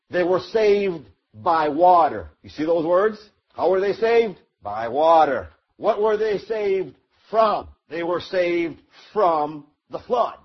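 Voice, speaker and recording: A man with a high, husky voice preaches a Bible sermon. He teaches verse by verse, asking the listeners questions. The recording sounds muffled and lo-fi. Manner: storytelling, acts out the crowd and Noah, rising to shouts.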